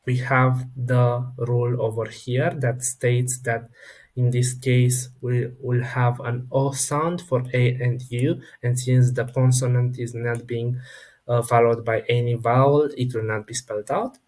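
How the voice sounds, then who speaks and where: A man at a middle pitch teaches French pronunciation in an unscripted online lesson. He talks slowly and hesitantly, with many fillers and restarts. He says French words one at a time for the learner to copy. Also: little pitch movement, darkish tone.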